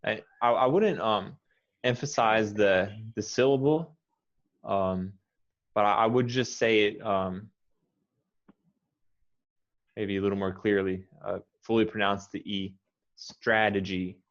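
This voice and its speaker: An American man coaching English pronunciation, patiently repeating and stretching out each word. His voice sits low. The audio is muffled and lo-fi. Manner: patient, models words slowly and repeats them. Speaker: English teacher. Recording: dull lo-fi audio.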